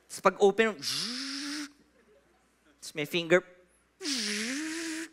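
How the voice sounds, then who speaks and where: A man with a Filipino accent, preaching a sermon in church, animated and asking the congregation questions, moving between soft and loud. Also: extremely high pitch, slow, husky. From Philippines. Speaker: pastor.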